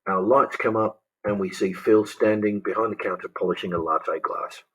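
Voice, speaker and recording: A man's voice: fairly low pitch, steady tone, normal speed, fairly bright tone, slightly rough, poor audio. A man, casually talking through a script example as a teacher. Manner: casual, thinking aloud with restarts. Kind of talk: explaining a script.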